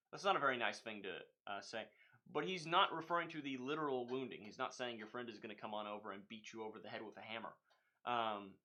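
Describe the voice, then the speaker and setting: A man's voice: mid-range voice, sharp tone. A man, a youth minister, giving a casual Bible study talk in a conversational way, with many fillers and self-corrections.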